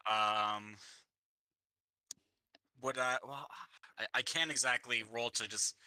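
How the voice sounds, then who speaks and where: A man's voice: medium pitch, fairly even intonation, slow pace, bright, forceful tone, clean tone, dry recording. A man playing a tabletop game, talking casually and hesitantly about his next move. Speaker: player.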